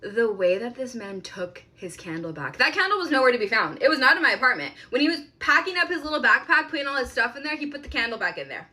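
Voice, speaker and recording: A woman's voice: fairly high pitch, sing-song, fast, few pauses, pushed and bright. A woman recounting a bad date in casual storytime style, matter-of-fact and conversational.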